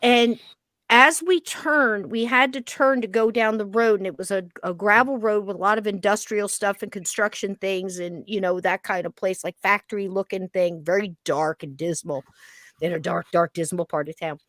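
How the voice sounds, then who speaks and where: A woman's voice: mid-range voice, normal speed, dry recording. Woman telling a tense personal story. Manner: animated, acts out the scene, many "you know" fillers. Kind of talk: personal story told in casual chat.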